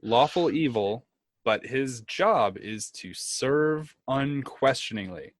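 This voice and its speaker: A man playing a tabletop game, joking around in animated, profane banter. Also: mid-range voice, slow pace, no echo. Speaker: player.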